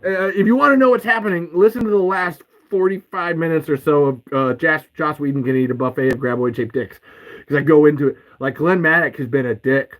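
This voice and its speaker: Furiously ranting high-voiced man. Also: moderate pace, fairly bright tone, rough recording. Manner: profane, heated, repeats curses. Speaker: podcast host. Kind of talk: angry ranting podcast monologue.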